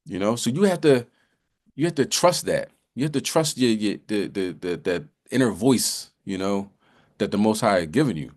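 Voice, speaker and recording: A man's voice: lowish voice, lively intonation, moderate pace, a little mellow. A man giving a casual bible lesson, talking in a loose, conversational way with many restarts and repeated "you know"s. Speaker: religious teacher.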